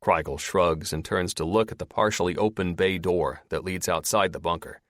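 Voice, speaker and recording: A man narrating a paranormal audiobook in expressive scripted storytelling. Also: low voice, moderate pace, no room sound, studio quality.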